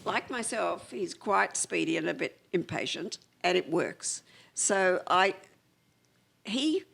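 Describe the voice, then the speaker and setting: Onstage, an older Australian film editor talks in a mid-range voice with vocal fry. Her chatty conversation wanders, trailing away and packed with fillers.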